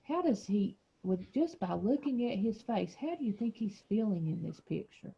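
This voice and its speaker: A woman's voice: medium pitch, animated, moderate pace, creaky, mellow, husky, dull audio. A woman teacher leading a reading lesson for young children, explaining patiently and encouraging them.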